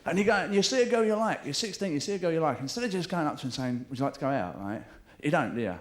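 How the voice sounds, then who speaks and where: Swearing stand-up comic, lively pitch. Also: male voice, racing. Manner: swearing, chatty, mimics voices for jokes. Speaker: stand-up comedian. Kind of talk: live stand-up comedy. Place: comedy club stage. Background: audience laughter.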